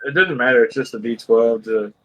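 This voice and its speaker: A man's voice: mid-range voice, fairly quick, sharp tone, poor audio. A man running a tabletop game as game master, talking loosely and rambling, with casual swearing.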